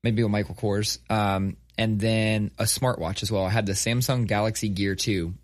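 A man's voice: fairly low pitch, fairly even intonation, normal speed, dry recording, clean studio sound. A man in his thirties telling a story in casual, profane conversation, acting out quotes as he goes. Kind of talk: casual chat.

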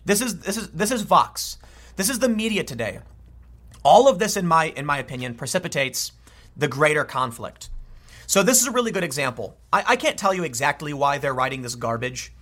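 A man's voice: on the high side, sing-song, brisk, fairly bright tone. A man giving casual political commentary, exasperated and ranting, with frequent restarts.

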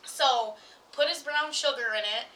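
High bright-voiced woman telling a story. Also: a little slow, distant mic, a little hiss or hum, poor audio. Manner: animated, laughs often, acts out quoted voices. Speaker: podcast co-host. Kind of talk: casual chat, storytelling.

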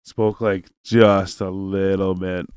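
A man's voice: deep voice, little pitch movement, slow pace, a little mellow, clear, resonant tone, dry recording. A man telling a long, rambling story in casual chat, cursing freely and acting out both sides of a phone call.

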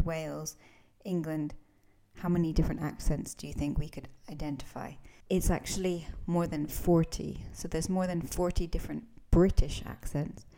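A Scottish woman hosts a podcast for English learners, explaining in a relaxed, conversational way with frequent ums. Her voice is low in pitch and very dark and mellow. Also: rough recording. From Scotland. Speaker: English teacher, podcast host. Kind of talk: podcast lesson.

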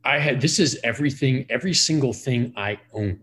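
A man's voice: mid-range voice, a little fast, fairly bright tone. A man in his forties, a podcast guest, telling a profane, rambling story full of "like" fillers. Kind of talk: casual storytelling.

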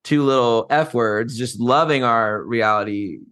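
A man co-hosting a podcast, gossiping about reality television in a campy, animated way. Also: medium pitch, measured pace, clear, resonant tone. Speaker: podcast co-host. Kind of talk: casual chat.

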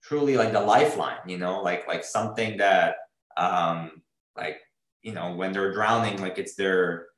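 A man's voice: deep voice, measured pace, fairly bright tone, roomy sound, poor audio. A man in an interview, talking earnestly and rambling, with many fillers and restarts as he searches for words. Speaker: drummer being interviewed. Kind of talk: casual interview talk.

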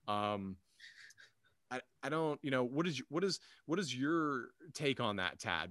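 A man's voice: mid-range voice, fairly bright tone, no echo. A man talking through an old TV movie in a loose, rambling way, full of ums and restarts. His voice sits in a middle register and sounds dry and close, with almost no room around it. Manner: rambling, many fillers and restarts. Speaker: podcast co-host. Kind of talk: casual film discussion.

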